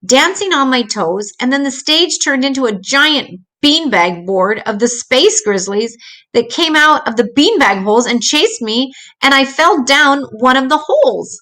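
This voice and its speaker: A woman voicing a young girl bear cub who wails in high frightened cries, reading a storybook. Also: animated, unhurried, pushed and bright, exaggerated voice. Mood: upset.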